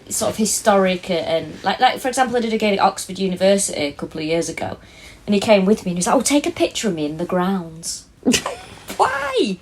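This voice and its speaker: A woman's voice: medium pitch, sing-song, brisk, a little hiss or hum. A woman, cohosting a comedy podcast and telling stories animatedly with lots of laughter and swearing. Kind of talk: casual chat.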